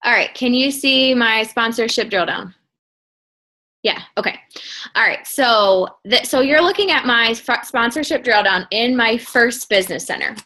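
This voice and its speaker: A chatty woman with a higher voice runs a team call over her computer mic. She rambles energetically with plenty of fillers. Her talk is easy, casual and full of asides. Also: expressive, moderate pace, bright, forceful tone. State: out of breath. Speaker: team coach leading a video call. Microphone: computer mic on a video call.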